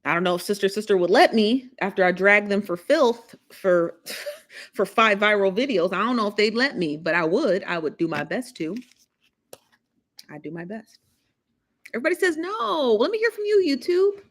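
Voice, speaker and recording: Woman doing a laid back livestream chat, aave, teasing the chat a lot, mid pitch. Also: very animated, moderate pace. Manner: chatty, laughing, teasing the chat. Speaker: live show host.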